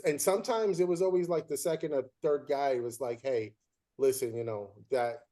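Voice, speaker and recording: A man's voice: mid-range voice, moderate pace. A man hosting a casual chat about umpiring, telling stories and acting out the voices of players and coaches. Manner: animated storyteller, acts out quotes. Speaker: podcast host.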